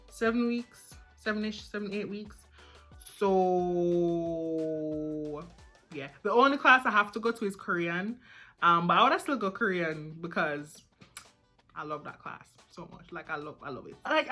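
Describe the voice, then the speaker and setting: A young woman chatting casually in a vlog about her student life, animated and prone to repeating herself. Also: mid-range voice. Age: young adult. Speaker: student vlogger.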